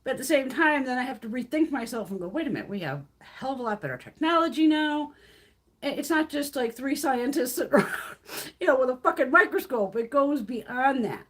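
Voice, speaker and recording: A woman's voice: sits high, animated, normal speed, a bit bright. A woman in her fifties hosting a casual beauty livestream, ranting bluntly and profanely and acting out other people's lines. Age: 50s. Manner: acts out others' lines in quoted voices.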